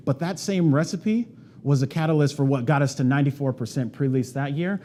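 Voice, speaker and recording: Fast-talking man giving a keynote story. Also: on the high side, a little hiss or hum. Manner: casual and animated, heavy on "like" and "right?". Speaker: conference presenter. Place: event stage before an audience.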